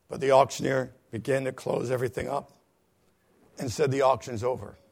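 A male pastor telling a story in a sermon, dramatic, swinging from hushed tones to loud cries. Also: medium pitch, moderate pace, creaky, long pauses.

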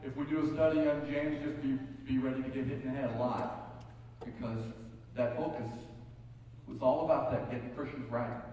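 A man's voice: medium pitch, fairly even intonation, normal speed, dark tone. Pastor guy telling stories in his sermon, big echo from the hall, faint room hum. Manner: folksy storytelling, joking asides. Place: church sanctuary. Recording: echoey hall from far off.

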